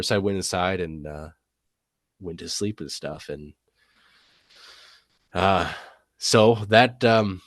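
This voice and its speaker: Male guest, very low voice, dry close sound, rambling storyteller. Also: slow, pauses often, dry recording. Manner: rambling, many fillers and "and stuff". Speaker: guest telling an encounter story. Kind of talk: casual storytelling.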